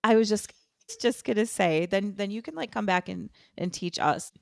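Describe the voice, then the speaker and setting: An American woman co-hosts a casual fan podcast, telling her stories with animation and frequent laughter. Her voice sits at an ordinary middle pitch. The recording is dry and close, with little room sound. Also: moderate pace, gravelly, no echo. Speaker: podcast co-host.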